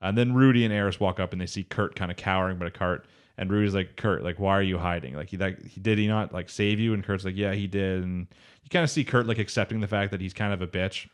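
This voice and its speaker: Deep-voiced man recapping anime casually. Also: fast, clean tone. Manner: rambling recap, quoting characters in his own voice. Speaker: podcast co-host recapping anime. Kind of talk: casual chat.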